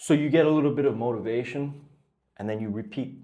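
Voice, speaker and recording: A man's voice: mid-range voice, fast, mellow, dull audio. A man coaching traders in a blunt motivational talk. He swears freely and keeps pushing the listener with repeated questions. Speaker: trading coach.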